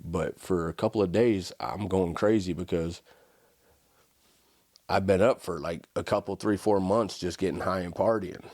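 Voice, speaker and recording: Deep-voiced man telling his story casually. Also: moderate pace, no room sound, studio quality. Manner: casual, animated storytelling with frequent "right?" and "like". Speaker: podcast guest. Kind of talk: conversational storytelling.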